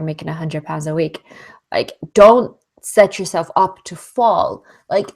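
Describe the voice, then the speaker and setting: Chatty British woman coaching. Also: fairly low pitch. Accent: British English. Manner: chatty and animated, lots of "like" and acted-out inner voices. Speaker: business coach hosting a Q&A. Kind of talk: casual motivational webinar talk.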